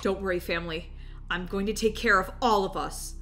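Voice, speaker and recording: A woman voicing an anxious, overprepared dad in a Roblox role-play who stammers and rushes his words. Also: medium pitch, over loud music, natural voice. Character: panicky dad, eager and overprepared.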